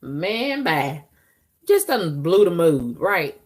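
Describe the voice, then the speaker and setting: A woman talking frankly to her viewers in a casual, profane monologue, breaking into loud squealing outbursts. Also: lowish voice, sing-song, slow pace. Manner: frank, profane, conversational drawl.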